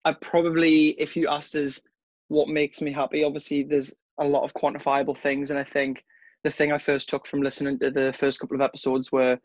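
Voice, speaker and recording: Young male guest, relaxed and rambling, slightly muffled call audio. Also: fairly high pitch, a little fast, no room sound. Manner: laid-back, rambling, says "mate" a lot. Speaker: podcast guest. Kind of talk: casual podcast chat over a video call.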